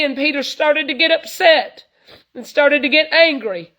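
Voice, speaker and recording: A woman's voice: high voice, fairly even intonation, normal speed, fairly bright tone, low-quality recording. A woman, preaching informally to online viewers in an earnest, folksy way, full of "you know". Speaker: traveling evangelist.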